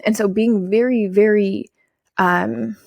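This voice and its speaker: A woman hosting her own podcast, giving an energetic, swearing pep talk to her listeners. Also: medium pitch, takes it slowly, creaky, no room sound, studio quality. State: out of breath. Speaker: podcast host and business coach. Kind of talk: solo podcast monologue.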